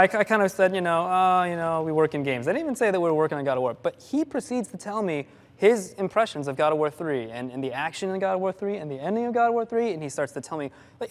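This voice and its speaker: A man speaking as a game developer on a live panel, telling an animated anecdote and laughing often. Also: sits high, a little hiss or hum. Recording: long hall reverb from a live panel.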